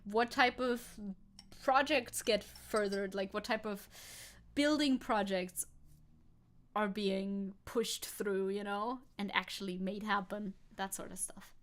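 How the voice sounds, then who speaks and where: A woman's voice: medium pitch, fairly even intonation, takes it slowly. A woman VTuber chatting sarcastically through news on a livestream, laughing often. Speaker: VTuber streamer.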